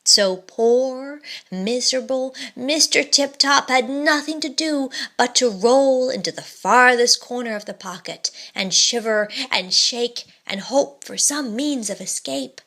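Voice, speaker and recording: A woman reading a children's storybook aloud in an expressive, dramatic way. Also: on the high side, unhurried, few pauses.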